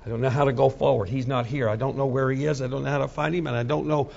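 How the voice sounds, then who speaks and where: A man voicing a despairing fisherman disciple in a sermon, speaking quietly and wearily with self-reproach. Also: mid-range voice, steady tone, fast, gravelly, lo-fi sound, pitched below the performer's own voice. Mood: weary.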